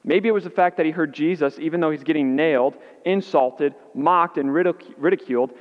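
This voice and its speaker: A man preaching a sermon as pastor, animated and acting out the voices he quotes. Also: fairly quick. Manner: animated, acts out quoted voices with rising pitch. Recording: muffled audio in a reverberant hall.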